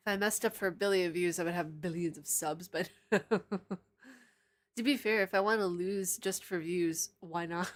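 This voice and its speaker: A woman's voice: fairly low pitch, a little slow. A woman streaming live, chatting casually and answering viewer comments, rambling into tangents and laughing often.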